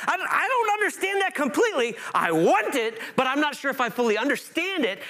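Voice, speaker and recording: A man preaching a sermon as pastor, animated and self-interrupting, climbing to emphatic peaks. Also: extremely high pitch, a little fast, few pauses.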